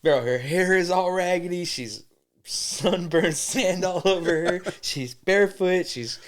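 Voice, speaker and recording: A man co-hosting a podcast, telling a story in animated, slangy casual chat and swearing freely. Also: high-pitched, measured pace. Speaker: podcast co-host.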